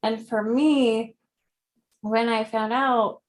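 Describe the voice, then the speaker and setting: Woman in her 30s being interviewed, talks real slow and gentle, soft little laughs here and there. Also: fairly high pitch, steady tone. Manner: slow, gentle, reflective, laughs softly often. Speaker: guest. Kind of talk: conversational interview.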